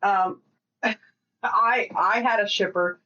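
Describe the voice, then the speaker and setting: A woman's voice: medium pitch, bright, forceful tone, dull audio. Sex: woman. Role: podcast co-host. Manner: chatty, profane. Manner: chatty, profane, rambling with quick asides. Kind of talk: casual chat.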